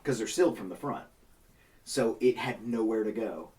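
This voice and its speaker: Casual:-. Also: male voice, fairly low pitch, moderate pace, far from the mic. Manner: profane, animated, acts out quoted people. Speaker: podcast co-host. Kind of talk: casual storytelling among friends.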